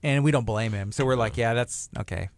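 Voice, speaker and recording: A man's voice: medium pitch, brisk, no room sound. Radio co-host, male, 30s, chatty and laughing, dry close studio sound. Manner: chatty, laughs often, tells anecdotes. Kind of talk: casual morning radio chat.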